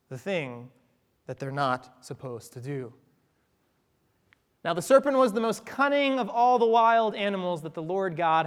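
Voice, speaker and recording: A man's voice: on the high side, big-room sound. A man preaching a sermon in a church, talking conversationally with playful asides to the congregation. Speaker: pastor.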